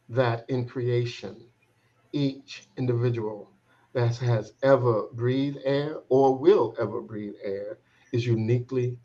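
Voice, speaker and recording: Brief: male coach, mid-pitched, halting storyteller who acts out quotes, lightly muffled recording. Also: darkish tone. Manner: reflective, halting, repeats words while searching for them. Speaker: transformation coach. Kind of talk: telling a personal story in an interview. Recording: slightly dull, muffled sound.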